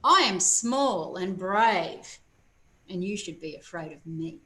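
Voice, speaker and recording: A small, brave hen who stands up to a giant with firm, proud declarations, as a woman reads her aloud. The voice is bright, lively in pitch and unhurried, for a children's storybook. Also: slight background noise, heavily acted. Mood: defiant.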